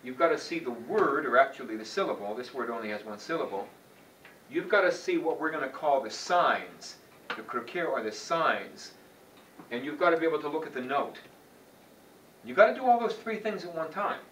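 A man's voice: on the high side, lively intonation, normal speed, a bit bright. A man teaching a chant class, explaining informally to students with restarts and asides. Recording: roomy sound from a distance, faint background noise.

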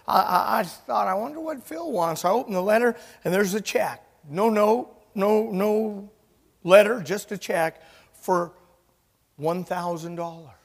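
A pastor preaching a sermon, an animated storyteller who acts out the dialogue of his story. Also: high voice, unhurried, gravelly. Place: church sanctuary. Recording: church hall reverb.

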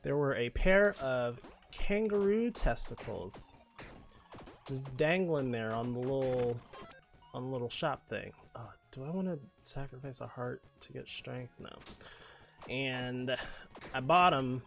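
A man's voice: medium pitch, measured pace, gravelly, fairly bright tone, faint music behind. A man streaming a game, chatting and telling rambling stories in a playful, campy way. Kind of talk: casual game-stream chat.

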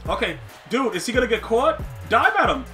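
A man giving casual, slangy live commentary on a football video game, excitable, laughing often and talking to his chat. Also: very high voice, a little fast, faint music behind. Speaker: gaming streamer.

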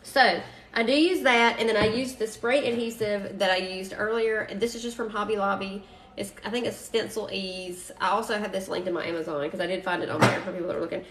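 A woman's voice: mid-range voice, fairly even intonation, fairly quick, reverberant, a little hiss or hum. A woman with a Southern US accent hosting a casual craft live stream, chatty and greeting viewers, saying y'all often.

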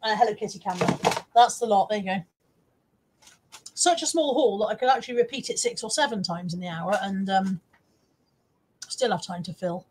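A woman's voice: medium pitch, fairly quick, long pauses, slightly rough. A woman hosting a casual live stream, chatting to her viewers and reading out their comments, self-deprecating and swearing now and then.

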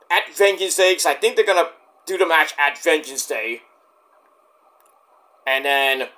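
A man's voice: high voice, bright, forceful tone. A man casually reviewing a wrestling show in a rambling, filler-heavy way, saying he is dead tired.

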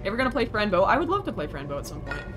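A young woman streams a video game with a mid-range voice, reacting out loud and joking with her viewers. She gets excitable and swears freely. Game music plays clearly behind her. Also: mid-range voice, racing, poor audio. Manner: excitable, jokey, swears freely, talks to chat. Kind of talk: live gameplay commentary, chatting with viewers.

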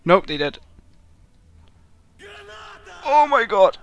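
A young man commenting on his own gameplay, excitable and swearing loudly whenever things go wrong. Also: medium pitch, a little slow. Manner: excitable, yelling and swearing at the game. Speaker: gamer. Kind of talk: let's play commentary.

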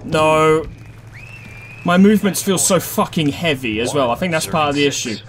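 A man's voice: on the high side, expressive, moderate pace, a little hiss or hum. A man giving let's-play commentary, frustrated and swearing as he talks to himself. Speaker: gaming YouTuber. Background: game music.

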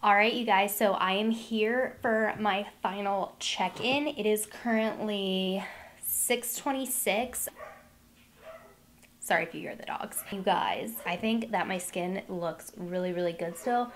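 A woman's voice: mid-range voice, a little slow, a little hiss or hum. A woman beauty vlogger doing casual check-ins at home, chatty and upbeat, with lots of "like" fillers. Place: at home by large glass doors.

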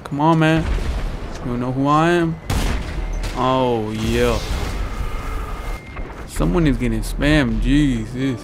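A man's voice: mid-range voice, takes it slowly, pauses often. A young man commentating his own gameplay and taunting opponents with the same lines again and again. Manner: trash-talking, repetitive taunts to opponents. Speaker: gaming YouTuber. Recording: noisy with gunfire in the background. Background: game gunfire and explosions.

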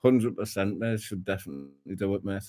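A man with a fairly low voice runs an easygoing interview, laughing often and swearing casually. The sound is dry and close, with little room around it. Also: a little fast, darkish tone, no room sound, faint music behind. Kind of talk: casual chat.

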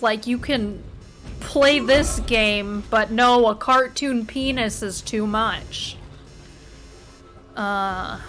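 Slow-talking, swearing woman gamer. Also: a little high, fairly bright tone. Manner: profane, jumpy outbursts and wry asides. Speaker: gamer playing a horror game. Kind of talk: casual let's-play commentary.

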